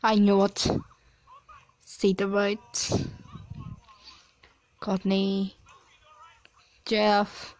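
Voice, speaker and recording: A young woman chatting casually as she reads out results from a simulation game, with frequent excited exclamations. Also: mid-range voice, extremely slow, pauses often. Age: young adult. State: coughing at times. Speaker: player reading a simulator. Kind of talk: casual play-along commentary.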